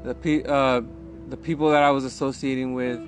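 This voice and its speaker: A man speaking candidly as a podcast guest, halting and restarting often as he tells a personal story. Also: medium pitch, level tone, faint music behind. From California. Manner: halting, with many restarts and pauses. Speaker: guest sharing recovery story. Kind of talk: candid conversational interview.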